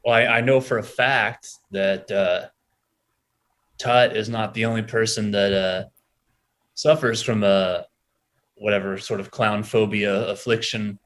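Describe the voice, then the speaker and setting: A man's voice: lowish voice, steady tone, unhurried, fairly bright tone. Rambling man with many fillers. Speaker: podcast co-host. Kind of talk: casual chat.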